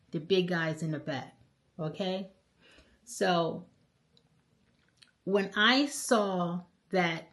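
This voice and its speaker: A middle-aged woman vlogger recounting a trip to camera in an animated, emphatic way, often checking in with "okay?". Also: lowish voice. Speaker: travel vlogger. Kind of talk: casual storytelling to camera.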